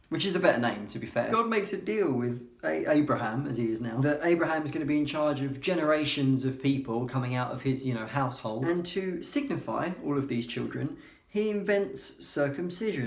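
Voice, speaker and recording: A man's voice: mid-range voice, expressive, brisk, gravelly. A man hosting a comic vlog that retells the Bible in an irreverent, sardonic, conversational way. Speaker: vlogger. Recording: roomy echo.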